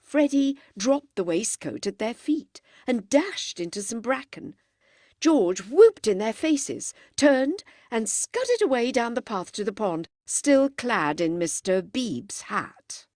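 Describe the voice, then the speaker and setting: A woman narrating an audiobook with an expressive, animated reading on a close microphone. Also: a little high, takes it slowly, no echo.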